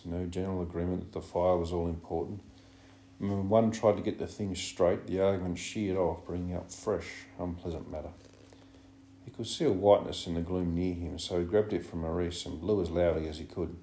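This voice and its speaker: Low dark guy reading a novel, echoey room, faint hum. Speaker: audiobook narrator. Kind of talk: scripted narration.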